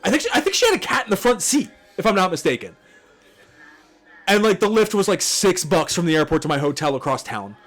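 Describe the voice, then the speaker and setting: A man's voice: sits high, very animated, brisk, fairly bright tone, faint music behind. A man co-hosting a podcast movie watchalong, telling stories in casual, profane chat and laughing often. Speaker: podcast co-host.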